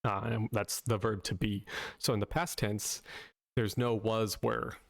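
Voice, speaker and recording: Brief: male linguistics video host, light Southern American accent, gravelly low voice, dry close sound, conversational and explanatory. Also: flat delivery, measured pace, no echo. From southern United States. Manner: conversational, checks in with "right?" after points. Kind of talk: casual explainer.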